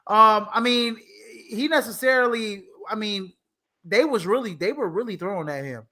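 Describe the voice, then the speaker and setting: A man's voice: high-pitched, moderate pace, bright, forceful tone. A man co-hosting a casual sports podcast, laid-back, with many fillers and restarts and frequent laughs. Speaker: podcast co-host.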